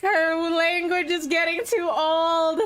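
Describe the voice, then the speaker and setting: A woman's voice: very high-pitched, little pitch movement, takes it slowly, fairly bright tone, faint music behind. A woman streamer reading game story narration aloud and chatting with reactions on a live stream.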